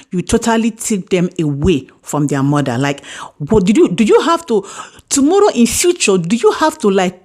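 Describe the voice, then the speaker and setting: A woman's voice: medium pitch, a little mellow. Preachy woman gossip host. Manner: preachy and advising, addresses viewers directly. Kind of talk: commentary and sign-off.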